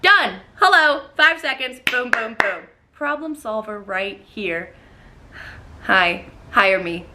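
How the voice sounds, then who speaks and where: High, lively woman telling a story. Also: takes it slowly, very noisy. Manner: animated, profane and exclaiming. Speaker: vlogger telling a dating story. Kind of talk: storytime vlog.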